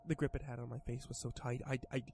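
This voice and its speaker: A man narrates a first-person horror story on stream. His delivery is steady with small stumbles, and a faint hum of noise sits behind him. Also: medium pitch, quick pace, gravelly. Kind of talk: horror story narration while modding a game.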